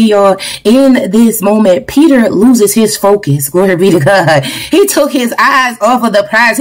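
A young adult woman preaching a fervent online sermon, repeating "glory be to God" and reading scripture. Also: fairly high pitch. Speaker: online minister. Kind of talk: preaching to camera.

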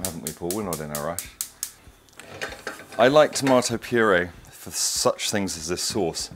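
A man's voice: lowish voice, lively intonation, measured pace. A middle-aged man, hosting a casual cooking demonstration in his home kitchen, chatty, digressive and enthusiastic. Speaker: cooking show host.

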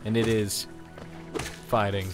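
A man giving casual gameplay commentary as a let's play host, giggly, gushing and excitable. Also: on the low side, takes it slowly, music in the background.

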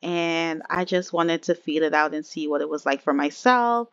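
A woman's voice: low voice, expressive, moderate pace, a bit bright, clean tone, dry recording, lo-fi sound. A woman voicing her friendly young female game character greeting a new neighbor, speaking sweetly and politely with a slight giggle.

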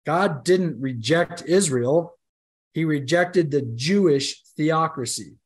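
A man's voice: a little high, slow pace. A man teaching a Bible study class in a conversational, emphatic way, often asking the group "right?" and restarting his sentences.

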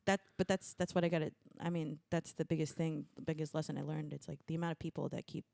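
A woman's voice: deep voice, fairly even intonation, quick pace, vocal fry, a little mellow, no echo. A young American woman, a musician guest, chatting casually and acting out her parents' voices as she tells stories. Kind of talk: casual interview chat.

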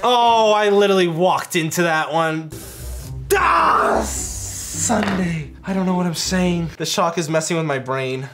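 A young man commentating his own gameplay, loud and excitable, yelping and joking as he gets shocked. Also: on the high side, moderate pace, few pauses, music in the background. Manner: loud, excitable, yelps and jokes under shocks. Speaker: gaming YouTuber.

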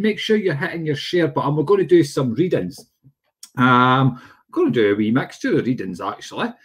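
A psychic medium hosts a live stream, chatting and greeting viewers by name. His voice is fairly high-pitched and husky.

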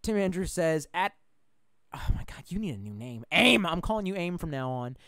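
A man's voice: on the high side, sing-song, normal speed, bright, forceful tone, dry recording. A man chatting frankly on a live stream, rambling, swearing freely and reading out viewer comments.

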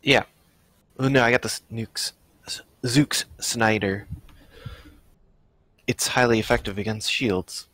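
A man's voice: mid-range voice, unhurried, pauses often, pushed and bright, no echo. A young man co-playing a video game and chatting casually, laid-back with short replies. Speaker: co-player on a gaming stream. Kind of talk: casual gaming chat.

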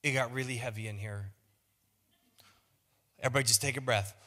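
Playful male pastor, self-mocking sermon, forceful bright tone, long church reverb. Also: medium pitch, steady tone, brisk. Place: large church auditorium.

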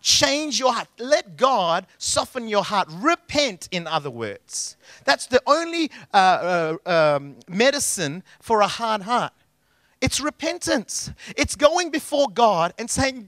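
A middle-aged man preaching with a high, forceful voice. He talks in an emphatic, conversational way and hammers home repeated phrases. The sound is dry and close. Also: animated, measured pace, no room sound. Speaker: pastor. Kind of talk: sermon.

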